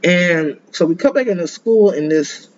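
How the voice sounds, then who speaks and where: A man's voice: sits high, animated, normal speed, a little hiss or hum. A young man giving casual reaction commentary, rambling with slangy talk and stammering restarts. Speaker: anime reaction host. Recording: dull lo-fi sound with faint room ambience.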